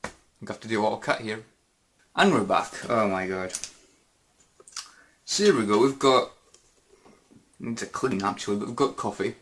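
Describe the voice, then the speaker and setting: A man's voice: on the low side, lively intonation, moderate pace, pauses often, fairly bright tone, slight background noise. A man hosting a casual Q&A vlog, rambling and hesitant with many fillers and restarts. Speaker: YouTube gaming channel host.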